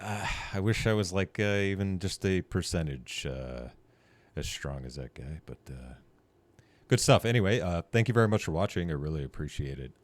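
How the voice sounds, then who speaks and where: A man's voice: deep voice, moderate pace, no echo. A man hosting a casual reaction video, laid-back and rambling, with many fillers and jokes. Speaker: reaction video host, navy veteran.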